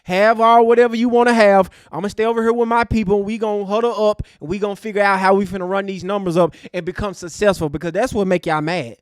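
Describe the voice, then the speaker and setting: Guy ranting hard on his stream, real high voice, dry close mic. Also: fairly even intonation, fast, few pauses, clean tone, no room sound. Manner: fiery, preachy, repetitive. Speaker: online show host. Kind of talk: impassioned livestream rant.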